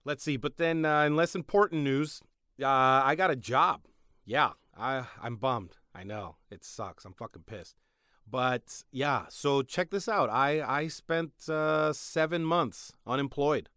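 A young man hosting a podcast, doing a sarcastic comedic monologue that swings between loud bits and mumbled asides. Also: mid-range voice, unhurried, clear, resonant tone, dry recording, studio quality. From Mexican-American. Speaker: podcast host.

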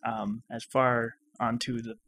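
A man playing a tabletop game, chatting casually and excitably. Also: mid-range voice, takes it slowly, creaky, a little hiss or hum. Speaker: player.

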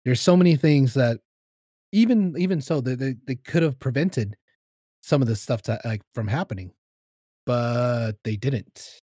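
A man's voice: mid-range voice, a little slow, dark tone, husky, dry recording. A man from California in casual chat over a video call, repeating himself and restarting often as he agrees.

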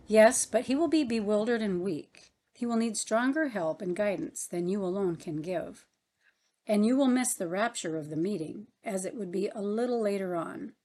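A woman reading the part of a gentle grown brother in the afterlife, speaking softly. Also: medium pitch, moderate pace, natural voice. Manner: gentle, soft-spoken.

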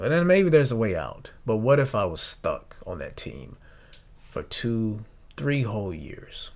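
A young man hosting a podcast, talking earnestly and reflectively, often halting and restarting his sentences. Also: fairly low pitch, sing-song, gravelly, a little mellow. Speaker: podcast host. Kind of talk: reflective personal talk.

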